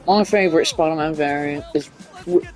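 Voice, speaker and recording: Rambling gamer doing a mock British accent. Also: female voice, sits low, brisk, darkish tone, faint music behind. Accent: put-on British. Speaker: gaming YouTuber. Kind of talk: comedic gameplay commentary.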